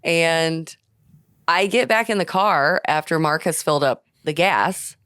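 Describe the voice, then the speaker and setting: A woman co-hosting a podcast recounts a road trip with animated energy and frequent laughter. Her voice sits somewhat low for a woman, and the recording is close and dry, with no room sound. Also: a little slow, smooth, no room sound. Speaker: podcast co-host. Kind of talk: casual storytelling chat.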